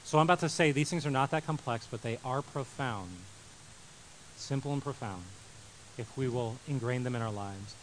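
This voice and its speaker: A man in his thirties preaching a sermon, animated, moving from loud emphasis to quiet intensity. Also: medium pitch, normal speed, slight background noise, rough recording. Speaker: pastor.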